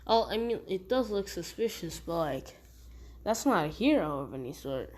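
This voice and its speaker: A woman's voice: lowish voice, very animated, normal speed, darkish tone. A woman casually telling a fan-fiction story, rambling and correcting herself as she goes.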